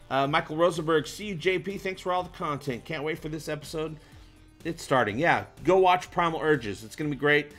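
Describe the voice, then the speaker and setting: A man's voice: a little high, fairly quick, soft background music. Man hosting a chatty livestream. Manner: animated, jokey, shout-outs to viewers. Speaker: livestream host. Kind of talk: casual livestream chat reading comments.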